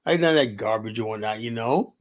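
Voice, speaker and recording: An American man hosting a livestream talks fast in a lowish voice, rambling casually and profanely with many fillers, constantly dropping "you know" and "man."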